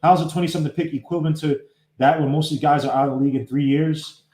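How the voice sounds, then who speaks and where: Man, podcast host, casual sports talk, shout-outs to viewers, higher voice, echoey room. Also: fast talker. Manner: animated, shouts out viewers by name; talks while fumbling with his computer. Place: home setup, live streaming.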